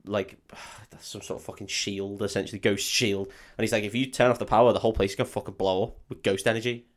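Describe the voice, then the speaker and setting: A man's voice: on the low side, little pitch movement, fast talker. A man, swearing a lot and laughing as he retells a film, acting out the characters' lines. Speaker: podcast co-host. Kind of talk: casual film recap chat.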